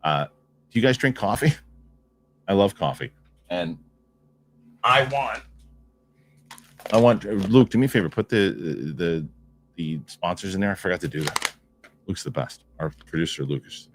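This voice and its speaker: A man's voice: low-pitched, expressive, measured pace, long pauses, slight background noise. A man hosting a live stream, chatting casually and rambling, repeating himself as he reacts to viewer comments. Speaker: host of a film news live stream.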